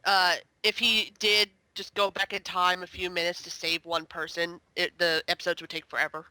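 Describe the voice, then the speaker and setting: A woman chatting casually as a guest on a review podcast, exasperated and full of quick asides. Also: lowish voice, level tone, pushed and bright, no echo.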